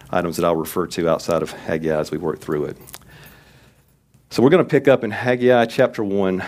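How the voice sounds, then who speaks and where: Deep-voiced man preaching a sermon. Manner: conversational, folksy preaching with emphatic scripture reading. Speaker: pastor.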